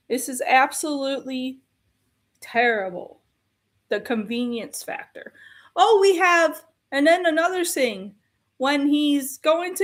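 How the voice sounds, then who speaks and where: A woman's voice: high voice, expressive, slow. A woman giving an exasperated, ranting film review, repeating her complaints in a casual tone.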